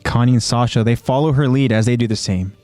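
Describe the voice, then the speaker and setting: Steady podcast man, dry close sound. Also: medium pitch, fast talker, dry recording, faint music behind. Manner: recaps scenes in a steady, explanatory way. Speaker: podcast co-host. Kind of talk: casual anime discussion.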